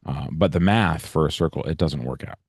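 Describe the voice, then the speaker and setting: Low-voiced man teaching an online class. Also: brisk, a little mellow, breathy edge, no room sound, clean studio sound. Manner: casual and explanatory, checks in with "right?" and "okay?". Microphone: video call.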